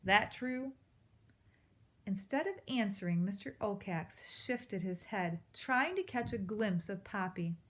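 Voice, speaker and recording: A woman reading a children's storybook aloud in a steady, expressive way. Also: medium pitch, measured pace, few pauses. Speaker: narrator.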